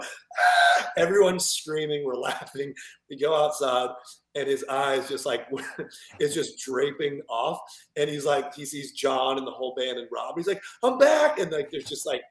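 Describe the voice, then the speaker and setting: Animated man laughing through stories, roomy. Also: mid-range voice. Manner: animated, laughs often, many fillers. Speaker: film director guest. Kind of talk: casual storytelling interview.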